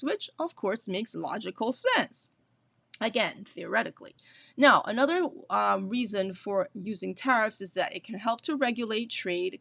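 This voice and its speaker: A woman's voice: mid-range voice, creaky, fairly bright tone, no room sound. A woman hosting an educational business talk, explaining things step by step and stressing key points by repeating them, with light chatty asides.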